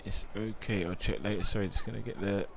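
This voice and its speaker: A man's voice: on the low side, fast talker, gravelly, slight background noise. A man, chatting casually on a live game stream, rambling and reading out viewer comments.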